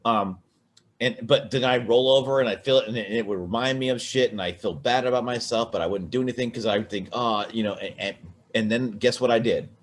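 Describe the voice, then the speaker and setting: A man's voice: medium pitch, fast talker, a little hiss or hum. A man on a casual podcast, rambling and swearing through a drunken personal chat with many restarts. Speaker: podcast co-host.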